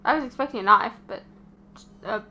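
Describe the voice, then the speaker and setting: Bright, high-voiced woman reacting. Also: fairly quick, creaky, slight background noise. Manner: chatty, exclaiming, talks back at the screen. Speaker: reaction video host. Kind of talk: casual reaction commentary.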